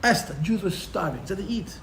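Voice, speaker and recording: A man teaching a live Torah class as a rabbi, telling the story with animated, sarcastic humor and mixing in Hebrew and Yiddish terms. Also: high-pitched, brisk, roomy sound, slight background noise. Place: room for a live-streamed class.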